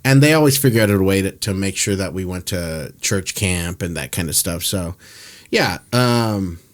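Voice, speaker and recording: A young man hosting a podcast, chatting casually and telling animated stories with frequent laughter. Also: deep voice, moderate pace. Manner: animated storyteller, laughs often. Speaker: podcast host. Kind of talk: casual chat.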